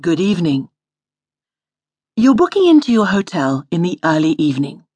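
A woman instructor reading a scripted audio language lesson in a studio, slowly modelling each word to repeat. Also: lowish voice, sing-song, a little mellow. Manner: patient, slow model pronunciation.

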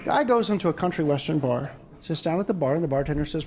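A man with a high, very lively voice tells rapid-fire raunchy jokes, laughing at his own punchlines. His pitch swings all over as he plays the characters. Audience laughter comes through on the recording. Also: some chatter behind. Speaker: comedian. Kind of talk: stand-up joke telling.

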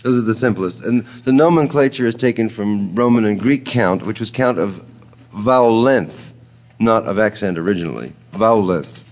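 Lecturing informally on poetry, this man wanders thoughtfully between ideas, using many "uh" fillers, beating out rhythms with ta-ta sounds, and chuckling at himself. His fairly low, slightly mellow voice moves fairly quickly with few pauses.

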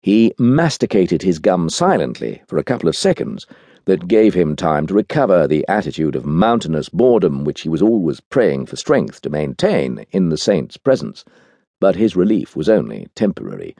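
A male audiobook narrator with a very low, mellow voice reads in an expressive, wry manner. His pitch rises and falls freely. The sound is close and dry, with no room in it. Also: normal speed, creaky, no room sound.

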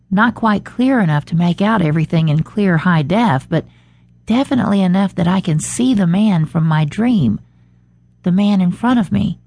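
A woman's voice: fairly low pitch, vocal fry, a little mellow, slightly rough, no room sound. A woman narrating a first-person audiobook with an intimate inner-monologue manner, recorded close on a studio mic.

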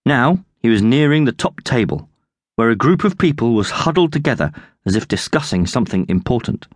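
Man, children's audiobook narration, lively and expressive, mid pitch, dry close sound. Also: fairly quick, dry recording. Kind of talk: scripted children's story narration.

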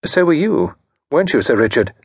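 A man's voice: mid-range voice, very animated, fairly quick, breathy edge, dry recording, clean studio sound, pitched above the performer's own voice. A man voicing a chatty, placid older lady who hosts a country house, talking in a genteel, prattling way in an audiobook. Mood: gossiping.

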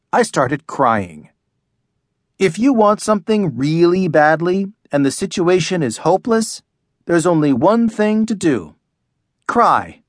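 A man narrating a children's audiobook in a lively first-person storytelling style. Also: on the high side, no room sound, clean studio sound.

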